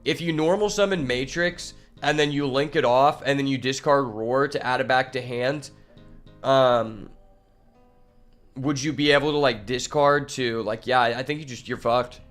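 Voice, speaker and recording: A man telling a long rambling story while playing a card game, swearing freely and filling pauses with fillers. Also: mid-range voice, fairly bright tone, faint music behind. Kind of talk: casual storytelling while gaming.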